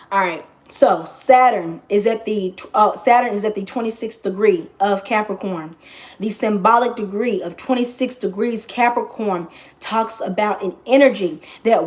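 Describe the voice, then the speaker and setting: A woman's voice: mid-range voice, unhurried, a little hiss or hum. A woman astrologer talking in a casual vlog monologue, brash and profane, and she repeats phrases for emphasis.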